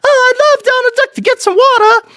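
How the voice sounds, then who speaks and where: A man putting on the shrill, gushing voice of an excited little kid at a theme park. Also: a little fast, dry recording, studio quality.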